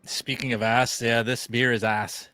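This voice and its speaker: A man's voice: medium pitch, flat delivery, a little slow, pushed and bright, clean tone, dry recording. A man hosting a comedy podcast in casual chat, laughing often and wrapping up segments. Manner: laughs often, upbeat segment wrap-ups. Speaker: podcast host.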